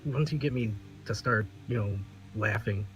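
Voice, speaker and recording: A man's voice: fairly low pitch, moderate pace, soft background music. A man on a podcast, telling a story in casual chat, often laughing and swearing, with many restarts. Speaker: podcast regular.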